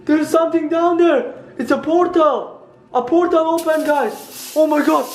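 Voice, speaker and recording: A man's voice: extremely high pitch, fairly even intonation, a little slow. A young man acting out a scripted horror skit for his vlog, panicking and repeating his exclamations. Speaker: vlogger.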